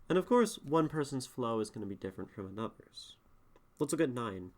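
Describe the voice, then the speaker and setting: Relaxed male streamer critiquing poems. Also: fairly low pitch, fairly quick. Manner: relaxed, thinking aloud, reads lines and breaks them down. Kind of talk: live-stream poetry critique.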